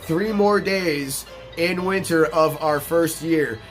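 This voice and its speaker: A man hosting a let's play, telling a profane work story in an animated, casual way and acting out what people said. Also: fairly high pitch, slow pace, faint music behind. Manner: animated, profane storyteller who acts out quotes. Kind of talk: storytelling over gameplay commentary.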